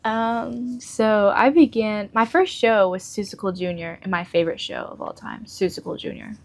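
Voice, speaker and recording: A woman's voice: mid-range voice, normal speed. Giggly young woman chatting as a guest. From Mississippi Gulf Coast. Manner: chatty, giggly, lots of fillers. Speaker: guest, local news reporter. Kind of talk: casual podcast interview.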